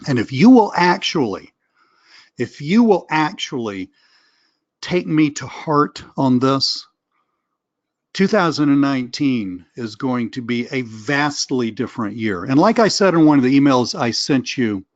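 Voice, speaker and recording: A man's voice: medium pitch, lively intonation, unhurried, no echo. Southern man, middle-aged, rambling chatty coach, dry muffled webinar audio. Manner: chatty, rambling, self-deprecating, occasional cursing. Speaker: online business coach. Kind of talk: casual webinar talk.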